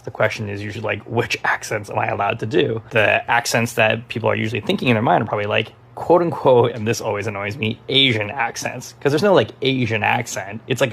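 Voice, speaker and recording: Man, from Taiwan, improv teacher, gravelly, mid-pitched, candid casual talk. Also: fairly bright tone. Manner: casual, frank, lots of fillers. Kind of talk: opinionated talk to camera.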